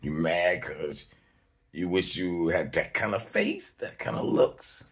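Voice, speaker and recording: A man's voice: huge pitch swings, slow pace, breathy edge. A man hosting his own video, talking off the cuff in a slangy, emphatic way, swearing freely and laughing between points. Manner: emphatic, slangy and rambling, with sudden high-pitched outbursts. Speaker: video host. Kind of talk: unscripted monologue to camera.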